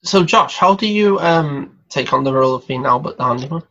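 A man's voice: a little high, animated, brisk, sharp tone. A man hosting a casual podcast interview, asking questions in a hesitant, chatty way. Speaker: host. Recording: dull lo-fi recording.

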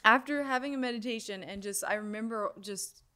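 A young adult woman, a sound healer, talking casually in an interview and telling a personal story in an animated way, with many "like"s. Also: fairly high pitch, a little fast, smooth.

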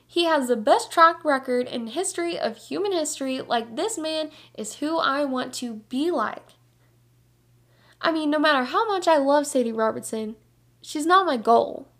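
A young woman hosting a Christian devotional podcast, talking in an earnest, energetic, chatty way with lots of casual fillers. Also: sits high, measured pace. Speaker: podcast host.

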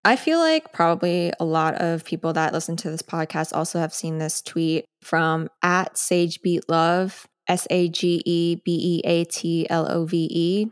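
A young woman in her twenties talks through her thoughts on her own podcast. Her voice sits a little low, and her speech is loose and conversational, full of "like" and quick side tangents. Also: smooth. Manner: chatty, sidetracked, frequent "like". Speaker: podcast host. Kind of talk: casual solo podcast talk.

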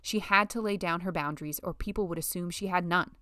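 A woman reading a novel as an audiobook narrator, in a measured storytelling manner. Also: on the low side, pushed and bright, no room sound, studio quality. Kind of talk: scripted narration.

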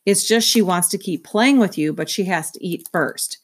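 A woman's voice: fairly low pitch, moderate pace, husky. A woman voicing an earnest eleven-year-old boy in a read-aloud, in a slightly raised voice.

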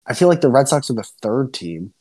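A young man from New Jersey, co-hosting a podcast, talking in an animated, swearing, ranting way. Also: medium pitch, a little fast. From Central New Jersey. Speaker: podcast co-host. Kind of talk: casual chat.

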